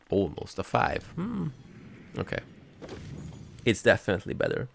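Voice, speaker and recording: A man's voice: fairly low pitch, huge pitch swings, moderate pace, gravelly, a little hiss or hum. A man casually commenting on his own gameplay, joking around and reading upgrade text aloud. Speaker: gaming channel host. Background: game music.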